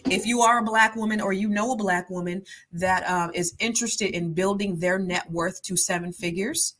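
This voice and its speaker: A woman hosting a podcast in casual chat, a naturally fast talker who is trying to slow down, with chatty asides and frequent ums. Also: mid-range voice, fairly even intonation, a bit bright. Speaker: podcast host.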